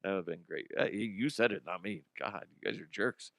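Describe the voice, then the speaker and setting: A man's voice: on the low side, a little fast, vocal fry, fairly bright tone, dry recording. Man, sports talk host, sarcastic, swears a lot, dry close sound. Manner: profane, sarcastic, laughs at own jokes; mocking impressions of fans and players. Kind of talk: casual sports talk rant.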